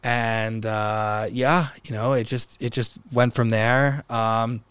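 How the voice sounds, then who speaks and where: A man's voice: medium pitch, steady tone, takes it slowly, a bit bright, clean tone, no room sound. A young man guesting on a podcast, chatting casually in a rambling way, full of fillers and restarts. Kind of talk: casual conversation.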